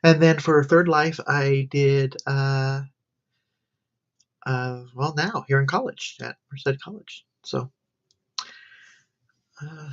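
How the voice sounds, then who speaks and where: A woman's voice: rumbling low, takes it slowly, long pauses. A tired woman, a college student, rambling through her day in a casual livestream diary. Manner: rambling, wandering chat. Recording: dull lo-fi stream audio.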